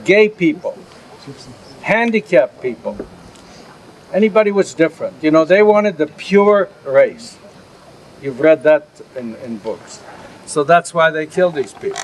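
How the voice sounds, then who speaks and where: A man's voice: fairly high pitch, animated, a little slow, pauses often, poor audio. An older man, a Holocaust survivor, lecturing to an audience in a plain, earnest way and taking their questions. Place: outdoor camp gathering.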